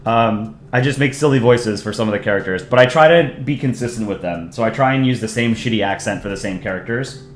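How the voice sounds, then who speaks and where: A man doing casual live-stream commentary as he reviews comics, relaxed and self-deprecating, often pausing with ums. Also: fairly low pitch, roomy sound, a little hiss or hum.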